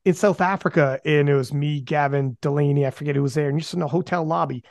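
A man hosting a podcast in casual chat, animated and swearing often, restarting his sentences. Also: on the high side, quick pace, vocal fry, no room sound, clean studio sound. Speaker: podcast host.

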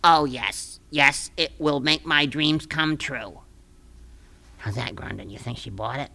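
A woman's voice: very deep voice, measured pace, gravelly, sharp tone, heavily acted. A woman voicing a dim, whiny small-town woman in a comic radio play, with a folksy way of talking. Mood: fake sincere. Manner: folksy, whiny, plays fake sorrow.

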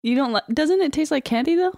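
A woman's voice: high voice, expressive, fast talker, darkish tone, no echo, studio quality. A young woman in casual chat, teasing and giggling a lot.

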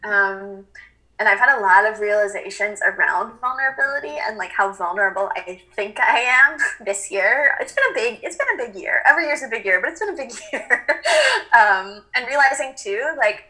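A woman's voice: mid-range voice, normal speed, sharp tone, low-quality recording. A woman speaking earnestly and reflectively in a casual spiritual chat, with frequent fillers.

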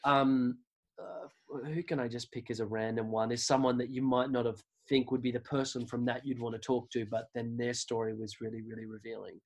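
Australian male guest, casual rambling storyteller, everyday mid-pitch voice. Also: steady tone, brisk. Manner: rambling, many restarts and fillers. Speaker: podcast guest.

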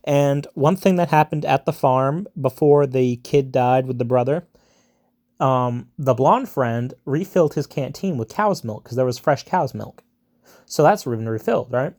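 A man's voice: medium pitch, unhurried, a little mellow. A man casually retelling a film plot in a rambling way, with many fillers and asides.

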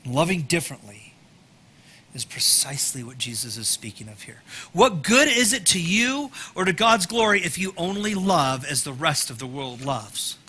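A man delivers a sermon in a bright, forceful voice that sits a little high. He talks conversationally and throws in joking asides to the congregation. He moves between loud, emphatic lines and soft, near-whispered ones. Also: breathy edge. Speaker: pastor.

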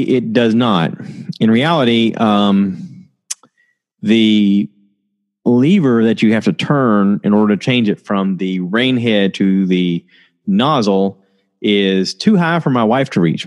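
A man's voice: on the low side, darkish tone. A man hosting a casual solo podcast, telling stories in a rambling way and laughing often. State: tired, low on energy. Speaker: podcast host.

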